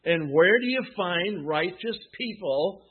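A man delivers a sermon in a high, husky voice at an unhurried pace. He asks his listeners questions and answers them emphatically, with long pauses between phrases. The sound is narrow and tinny, like a phone call. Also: animated. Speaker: preacher.

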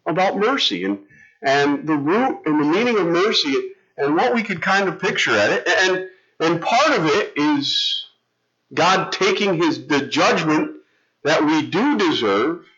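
Man, middle-aged pastor, conversational sermon, fairly high bright voice, dull lo-fi recording. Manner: conversational, storytelling with self-interruptions and restarts. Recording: dull lo-fi sound.

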